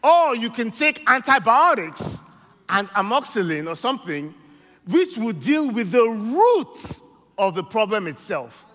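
A man with a Nigerian accent delivers an emphatic sermon, often checking in with his listeners. His voice sits very high and rings bright, with animated rises and falls. A long hall reverb trails behind him. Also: measured pace. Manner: emphatic call-and-response preaching, frequent "amen?". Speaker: preacher.

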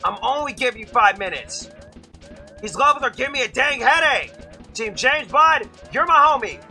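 A young man commentating his platform gameplay, ranting and yelling at the game as he fails levels. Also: very high voice, expressive, moderate pace, faint music behind. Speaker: streamer playing a platform game.

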